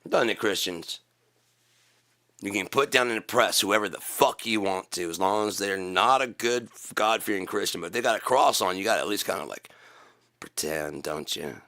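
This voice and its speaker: A man hosting his own channel, delivering a profane rant to camera that swings between loud shouting and low muttering. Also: normal speed. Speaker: channel host.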